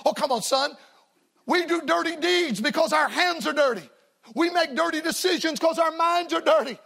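A man's voice: extremely high pitch, vocal fry, bright, forceful tone. A man preaching a revival sermon to a church congregation, folksy and emphatic, telling stories and hammering repeated refrains. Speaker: evangelist preacher.

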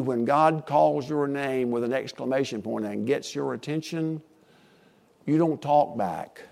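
An older man preaching a sermon as pastor, emphatic, dropping to a hush and rising to a boom, drawing out key words. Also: vocal fry. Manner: emphatic, swings between hushed and booming, drawn-out stressed words.

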